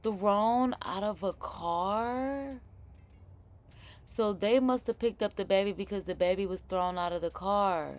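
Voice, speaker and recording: A woman with a New Orleans accent hosting a live stream, reacting to news clips in slangy, animated, casual chat. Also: mid-range voice, a little slow. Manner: animated, chatty, slangy, laughing asides.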